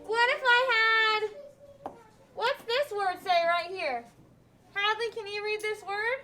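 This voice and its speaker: A woman teaching a classroom of young children, asking expressive questions and coaxing the students to answer. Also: extremely high pitch, slow pace. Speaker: elementary school teacher. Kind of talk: classroom instruction.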